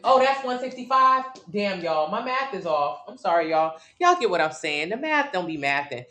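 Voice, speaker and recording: A woman's voice: lowish voice, big pitch swings, moderate pace, bright, forceful tone. A woman from Miami hosting a casual livestream from her couch, talking bluntly and profanely while answering viewer comments. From Miami, Florida. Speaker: livestream host.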